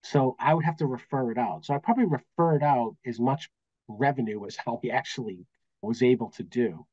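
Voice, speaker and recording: A man's voice: mid-range voice, brisk, darkish tone, dry recording, dull audio. Boston-accented man telling stories. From Massachusetts, US. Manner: anecdotal, acts out quoted dialogue. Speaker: guest, business valuation accountant. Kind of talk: casual interview storytelling.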